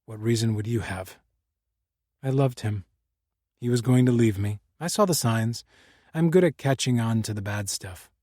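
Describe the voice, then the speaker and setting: A man's voice: mid-range voice, normal speed, long pauses, a little mellow, dry recording, studio quality, natural voice. A man reading the lines of a troubled young woman whose words come out slightly slurred, bitter and guarded.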